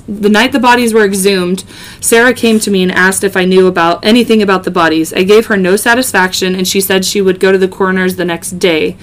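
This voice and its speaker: A woman hosting a podcast, casually narrating a true-crime case with joking asides and many ums. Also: medium pitch. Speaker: podcast host.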